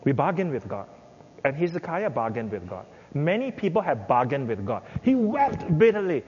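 A man's voice: sing-song, normal speed, a little mellow, husky. An older man preaching a sermon as pastor, acting out pleading prayers in an impassioned voice. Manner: impassioned, acts out prayers with rising pitch. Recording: dull reverberant hall with faint noise.

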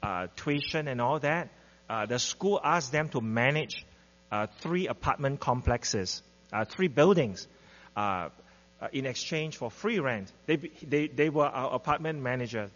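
A man's voice: medium pitch, expressive, a little slow, a bit bright. Hesitant man introducing a preacher. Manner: hesitant, many fillers. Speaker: church member introducing the speaker. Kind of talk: introduction in a church service. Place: church sanctuary. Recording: dull recording in reverberant hall with hum.

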